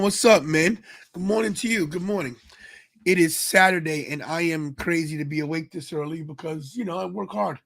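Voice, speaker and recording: A man's voice: on the high side, gravelly, husky. A tired man, a father, hosting a casual live wrestling stream, rambling and greeting viewers in the chat. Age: adult with kids. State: tired, yawning. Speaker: podcast host.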